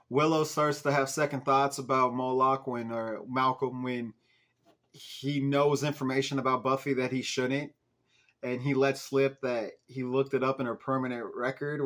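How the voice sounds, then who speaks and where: A young man hosting a fan podcast, walking through an episode in relaxed, chatty talk. He keeps breaking into laughter and exasperated swearing at the characters, and his voice sits at an ordinary middle pitch. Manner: animated, swearing, laughing at the plot. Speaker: podcast host recapping an episode. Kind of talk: casual recap chat.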